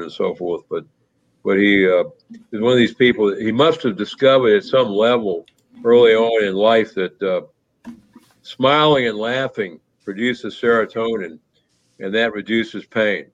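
A man telling a personal story in a reflective, conversational way, pausing often with fillers and restarts. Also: gravelly. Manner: halting, many restarts and fillers. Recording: muffled low-fidelity audio.

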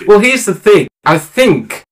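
A man's voice: sits high, very animated, a little slow. A man hosting a casual podcast, playful and jokey with his friends. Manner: playful, jokey, opens with a mock American accent. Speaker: podcast host.

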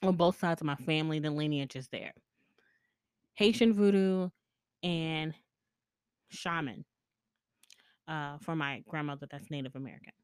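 A woman's voice: low voice, measured pace, pauses often, clean tone, no echo, clean studio sound. A woman hosting a podcast alone, telling personal stories in a candid, chatty way, laughing often and swearing freely. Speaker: podcast host. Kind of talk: casual storytelling monologue.

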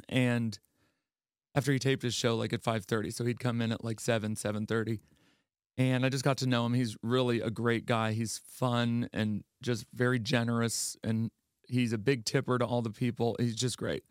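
A man from Garrett County, Maryland, telling a lively story and acting out the voices of the people in it. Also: medium pitch, clear, resonant tone, dry recording, studio quality. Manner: animated storyteller, acts out quoted voices. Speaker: guest. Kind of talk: casual chat.

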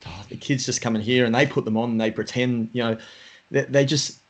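A man's voice: mid-range voice, fairly even intonation, a little fast. A middle-aged man hosting a podcast, chatting casually and rambling with many fillers. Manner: rambling, lots of fillers like "you know". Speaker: podcast host. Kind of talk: casual conversation. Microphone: home podcast microphone.

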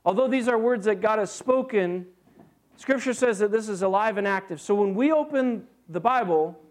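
A man with a notably high voice preaching a sermon. He talks in an animated, conversational way, stumbling into restarts and fillers as he goes. His pitch stays light and lifts higher still when he gets excited. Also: moderate pace. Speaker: pastor.

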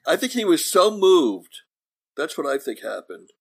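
Man, gravelly raspy voice, lively pitch, sardonic. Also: moderate pace. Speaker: podcast co-host. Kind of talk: casual political chat.

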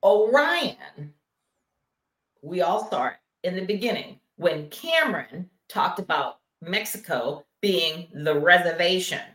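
A woman's voice: on the low side, lively intonation, slow pace, fairly bright tone, reverberant, rough recording. A woman co-hosting a casual reality TV recap, talking expressively, reading from her notes and quoting what people said. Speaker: podcast co-host.

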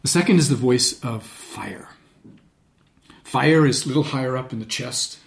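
Man, voice coach, conversational, demonstrative, medium pitch, studio podcast. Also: normal speed, vocal fry. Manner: demonstrative, shifts his voice low and high to show examples. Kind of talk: casual conversation.

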